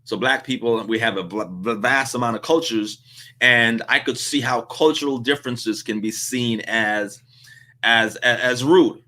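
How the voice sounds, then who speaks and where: Bright-voiced animated male host. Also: mid-range voice, measured pace. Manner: animated storyteller, often laughing. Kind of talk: casual commentary.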